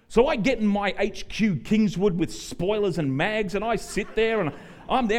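Australian man, middle-aged, guest preacher, high voice, joking sermon, acts out quotes. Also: big pitch swings, fairly quick, hardly any pauses.

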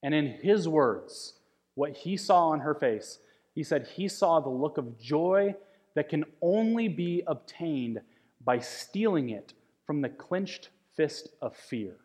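Male pastor, conversational sermon delivery, slightly raised pitch, long hall reverb. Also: lively intonation, slow, darkish tone, husky. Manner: conversational, repeats words, builds to emphatic peaks.

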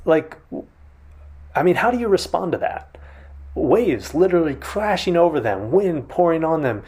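A man's voice: mid-range voice, sing-song, moderate pace, a little mellow, husky. A man preaching a sermon in a conversational way, often restarting and retelling a scene vividly. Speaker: pastor.

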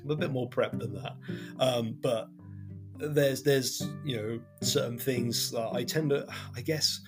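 A man's voice: medium pitch, a little slow, music in the background. Man with a broad Devon accent. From Devon, England. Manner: rambling, self-deprecating, laughs often. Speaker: podcast host and game master. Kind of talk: casual chat.

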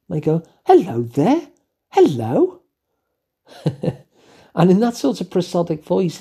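Older English male host, dark husky voice, calm reflective delivery. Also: fairly high pitch. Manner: gentle, musing, with fillers and asides. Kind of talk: reflective solo talk.

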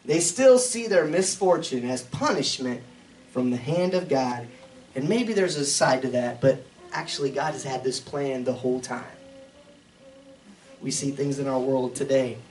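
A man's voice: mid-range voice, a little slow, darkish tone, recorded from a distance, low-quality recording. A man as a pastor, teaching a Bible passage verse by verse in a conversational way, with chuckling side remarks. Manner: conversational, chuckling asides between readings.

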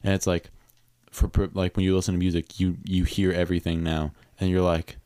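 A man who is a musician, a guest on a podcast, talking in a rambling, halting, giggly way. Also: low voice, level tone, dark tone, no room sound, clean studio sound. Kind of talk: casual chat.

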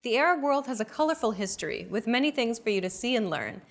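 A young adult woman hosting a language lesson, with clear, upbeat, teacherly scripted narration. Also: a little high, very animated, fast.

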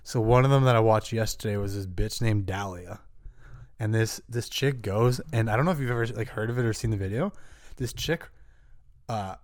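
A man's voice: moderate pace, no echo, clean studio sound. Rambling casual storyteller man. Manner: rambling storyteller, lots of filler "like", acts out quotes in high voices. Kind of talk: casual chat.

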